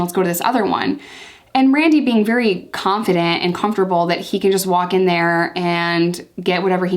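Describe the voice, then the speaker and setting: A young woman in a casual story-time vlog, talking candidly and emphatically and repeating herself for emphasis. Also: mid-range voice. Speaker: vlogger telling her life story.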